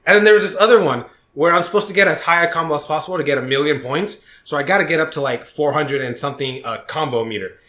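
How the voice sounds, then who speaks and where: A young man co-hosting a casual podcast, telling stories in an animated, profane way with shouted outbursts. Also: on the high side, fast talker, hardly any pauses, reverberant. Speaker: podcast co-host.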